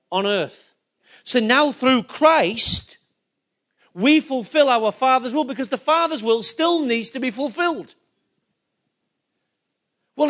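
A man's voice: very high-pitched, fairly bright tone. A man preaching a sermon as pastor, asking the congregation rhetorical questions and rising to emphatic points.

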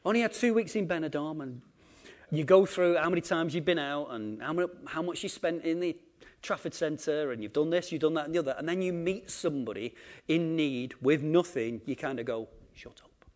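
A man preaching a sermon, acting out quotes and swinging between loud emphasis and quiet asides. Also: fairly high pitch, normal speed. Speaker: pastor.

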